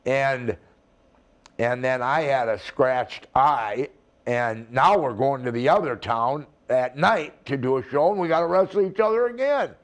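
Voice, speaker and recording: Slow-talking older man spinning a rambling yarn. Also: mid-range voice. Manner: rambling, profane, acts out the people in his stories. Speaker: retired wrestler guest. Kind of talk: casual storytelling interview.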